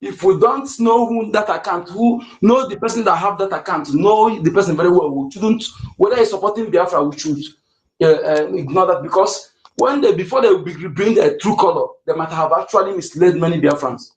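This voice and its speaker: A man's voice: high-pitched, a little fast, echoey room, rough recording. A man moderating an online audio space, speaking in an earnest, rallying, preachy way.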